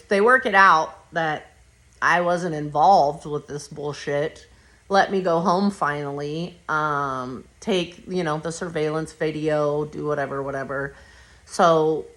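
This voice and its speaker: Woman podcast host, bright and forceful, slightly low-pitched, swears freely, rambles through a story. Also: takes it slowly. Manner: blunt, profane, rambling retelling. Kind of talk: casual personal storytelling.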